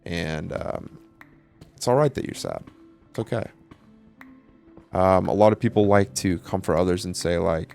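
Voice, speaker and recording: Young male vlogger, deep and creaky, candid casual monologue, faint music bed. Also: measured pace, long pauses, darkish tone. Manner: candid, casual, swears often, many fillers. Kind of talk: personal reflective monologue.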